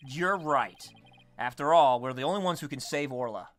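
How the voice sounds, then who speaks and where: A man hosting a game playthrough, joking loudly and swinging between mock outrage and laughter. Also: medium pitch, moderate pace. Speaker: let's play host. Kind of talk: casual gameplay banter.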